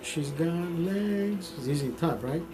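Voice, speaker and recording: A man talking casually on his live stream, swearing freely and rushing through a story with restarts and repeated words. His voice sits a bit higher than most men's. Soft music plays underneath. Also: rough recording. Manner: profane, animated storytelling with repetitions. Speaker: livestream host.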